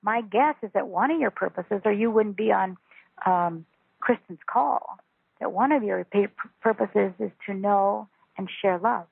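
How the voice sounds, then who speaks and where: Over the phone, a woman with a gravelly, husky, mid-range voice teaches spiritual ideas in an interview, speaking a little slowly. She is earnest and emphatic, repeating phrases to drive them home, and the audio is tinny and dry with no room sound.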